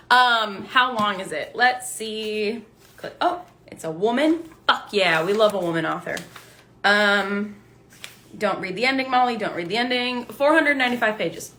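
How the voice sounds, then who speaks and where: A young woman chatting casually as a book vlogger, excitable and swearing freely as she reads book blurbs aloud. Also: medium pitch, moderate pace, a little hiss or hum. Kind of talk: casual book haul chat to live viewers.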